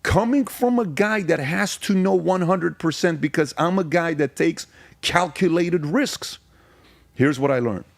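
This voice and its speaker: A man in his forties from Iran, a podcast guest telling personal stories in an intense, emphatic way with rapid repeated phrases. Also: fairly high pitch, creaky, no room sound. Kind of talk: candid personal storytelling.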